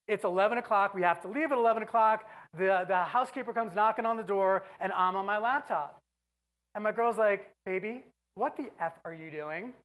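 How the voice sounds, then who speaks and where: Woman speaker on stage, telling a travel story, animated and fed up, gets shouty at times. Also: medium pitch, low-quality recording. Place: stage before an audience.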